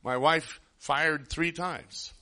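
A man's voice: a little high, fairly even intonation, drawn-out words, sharp tone. A man preaching a sermon, telling a personal story in an earnest, rambling way with frequent restarts.

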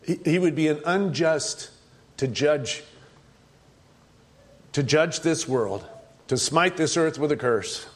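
A middle-aged man preaching a sermon as pastor, emphatic, jumping up for loud points and dropping low for asides. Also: slow, long pauses.

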